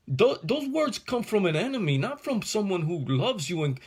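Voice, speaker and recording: A male pastor teaches a Bible passage verse by verse in a high-sitting, slightly rough voice, speaking at normal speed with few pauses. His casual, slangy, animated style builds into fervent preaching.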